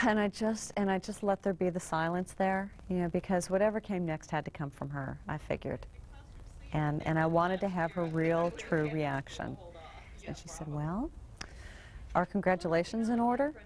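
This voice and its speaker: A woman telling her own story in an interview, quick and halting, acting out quoted dialogue. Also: fairly low pitch. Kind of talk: personal storytelling.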